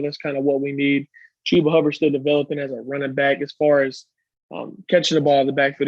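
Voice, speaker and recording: Co-hosting a casual sports podcast, a man with a fairly high voice makes his case earnestly, with lots of ums and restarts. There's no room sound and the highs are cut off.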